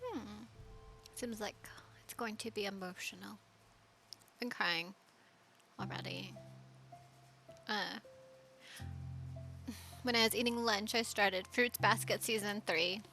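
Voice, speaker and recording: A woman chatting casually while playing a game at home, with bursts of laughter and soft asides, wearing headphones. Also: medium pitch, takes it slowly, gravelly, long pauses, faint music behind. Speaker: let's play gamer. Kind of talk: casual gameplay commentary. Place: home, at a laptop. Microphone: headphones with mic.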